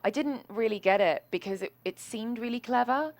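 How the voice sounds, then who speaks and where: A woman from Nigeria with a British accent, a guest actress telling stories in a lively, animated way during a casual interview. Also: on the high side, moderate pace.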